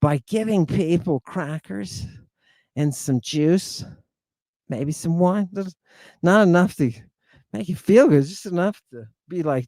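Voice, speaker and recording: A middle-aged man teaching as a theatrical lecturer, swinging from loud to hushed and drawing out words in pronunciation drills, hot and sweating. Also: high voice, lively intonation, dry recording. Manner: drawn-out, emphatic pronunciation drills. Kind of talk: lecture to an online audience.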